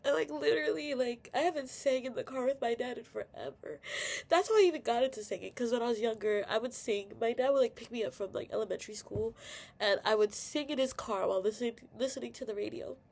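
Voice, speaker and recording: A woman's voice: fairly high pitch, quick pace, creaky, darkish tone. A young woman venting candidly in a personal video rant, full of fillers and swearing, tearful at times. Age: young adult. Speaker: vlogger.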